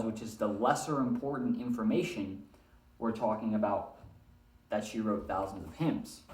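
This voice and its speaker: A male teacher giving a recorded language arts lesson, explaining step by step and often checking in with "all right?". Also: mid-range voice. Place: room with a whiteboard. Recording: echoey room.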